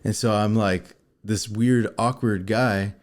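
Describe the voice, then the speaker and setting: A man co-hosting a casual show, telling a personal story to viewers in an animated way and acting out scenes. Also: fairly low pitch, slow pace. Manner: animated, acts out scenes and quotes. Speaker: co-host.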